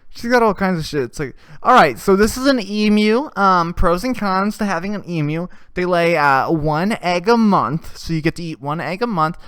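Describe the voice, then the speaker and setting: A man's voice: high-pitched, animated, normal speed, few pauses, a bit bright, clear, resonant tone, no room sound. A young man hosting a podcast, ranting in a crude, profane and sarcastic way with mocking asides. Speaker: podcast host. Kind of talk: crude comedic rant.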